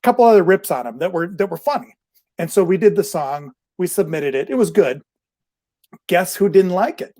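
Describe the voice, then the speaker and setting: A man's voice: high voice, lively intonation, moderate pace, dark tone. A man hosting a podcast, telling a long story in a loose, rambling way, laughing often and saying "like" a lot. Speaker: podcast host. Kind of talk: casual storytelling chat.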